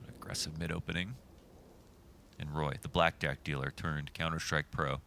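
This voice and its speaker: A man's voice: rumbling low, level tone, moderate pace, vocal fry, bright, forceful tone, a little hiss or hum. A man giving colour commentary on an esports match, chatty and explaining tactics at length. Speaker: esports analyst.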